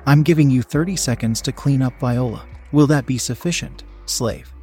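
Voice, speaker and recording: Casting: a man playing a stern man giving cool low orders, even-pitched, soft music under. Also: moderate pace, close to an everyday voice. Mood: commanding.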